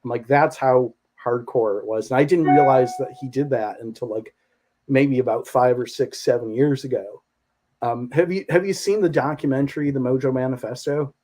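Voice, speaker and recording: A man co-hosting a podcast, telling stories in an animated, enthusiastic way in casual chat. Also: medium pitch, moderate pace, a little hiss or hum. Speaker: podcast co-host.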